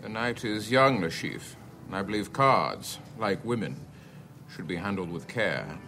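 A man putting on a smooth, smug spy. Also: fairly low pitch, expressive, unhurried, bright, forceful tone, a little hiss or hum, pitched below the performer's own voice, heavily acted. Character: suave smug male spy at cards.

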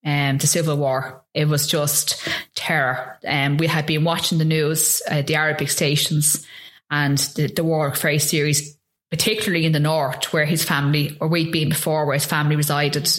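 Irish woman, middle-aged, low voice, halting speech, emotional interview testimony. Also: level tone. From Ireland. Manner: halting, with frequent ums and restarts. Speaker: guest.

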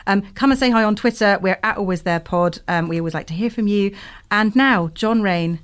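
A woman's voice: a little fast, smooth. A woman hosting a podcast in casual chat, chatty and laughing often. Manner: giggly, chatty, lively pitch. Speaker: podcast host.

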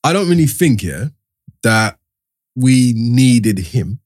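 A man's voice: medium pitch, big pitch swings, slow pace, darkish tone. A man, talking football as a podcast co-host in emphatic, slangy banter. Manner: emphatic, slangy, laughs easily. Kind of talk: casual football chat.

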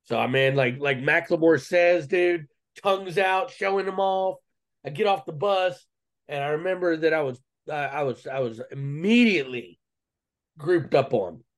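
A man speaks as a podcast guest in a casual, earnest storytelling manner. His voice is a little higher than most men's, and he talks in a slangy way with frequent restarts. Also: moderate pace.

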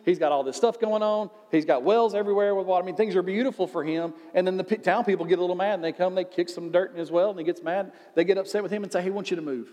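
A man's voice: sits high, fast, hardly any pauses, darkish tone, long reverb tail. A male pastor giving a sermon in a conversational way, asking rhetorical questions.

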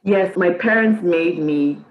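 A Nigerian woman in her thirties, a podcast guest, chats casually and tells lively stories, laughing often. Her voice is fairly low and unhurried, and the recording quality is low.

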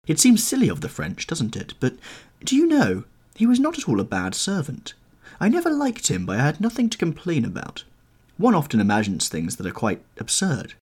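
A bored, petulant young dandy, put on by a male audiobook reader, drawling airily and then leaping into sharp high lilts. The voice sits well above the reader's own, a little husky and swinging widely in pitch. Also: huge pitch swings, normal speed, full character voice. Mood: languid. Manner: airy and languid, with sudden high lilts. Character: languid, petulant young gentleman, bored and witty. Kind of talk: audiobook character reading.

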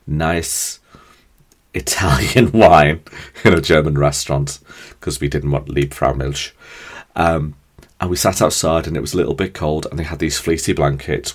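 A man hosting his own podcast, telling rambling, self-deprecating stories in a chatty, animated way. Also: very deep voice, slightly rough. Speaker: podcast host. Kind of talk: casual storytelling monologue.

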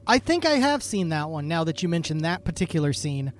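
High-voiced, self-deprecating man chatting. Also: sing-song, brisk. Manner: self-deprecating, hesitant, many ums. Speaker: podcast co-host. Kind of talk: casual chat.

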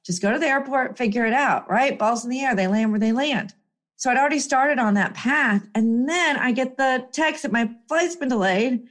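A woman telling a personal story in a chatty, emphatic way, her voice jumping up when excited. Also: moderate pace. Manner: chatty, animated, emphatic with swings up in pitch. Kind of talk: casual storytelling monologue.

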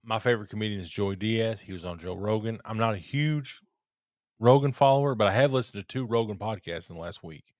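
Tipsy male co-host, low voice, rambling profane banter, dry close sound. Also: a little fast, no room sound. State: tipsy from drinking. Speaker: podcast co-host. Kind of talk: casual chat.

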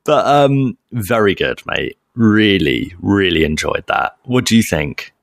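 A man's voice: lowish voice, sing-song, measured pace, gravelly, no room sound, studio quality. A young man in casual podcast chat, enthusiastic and bantering with his co-host. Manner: chatty, enthusiastic, banter with slang like mate. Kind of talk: casual chat reviewing a TV episode.

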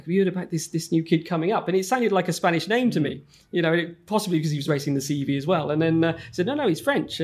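A man co-hosting a racing podcast, rambling through his points with lots of you-knows and restarts. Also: on the high side. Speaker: podcast co-host and racing pundit. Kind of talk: casual podcast chat.

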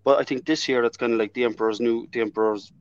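A man with an Irish accent talking as a fan guest on a video call, animated and full of restarts and "like" fillers. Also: medium pitch, quick pace, smooth, no room sound, lo-fi sound. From Ireland. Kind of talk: casual chat.

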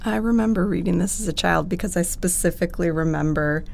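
A woman's voice: on the low side, fast talker, creaky, darkish tone, a little hiss or hum. A woman co-hosting a podcast, chatting casually in a playful, giggly way. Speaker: podcast co-host. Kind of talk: casual chat.

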